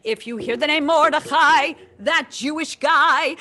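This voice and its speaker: Bright, high-voiced woman cantor. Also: takes it slowly, hardly any pauses. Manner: playful, sing-song, laughing. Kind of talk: leading a congregation, chanting scripture.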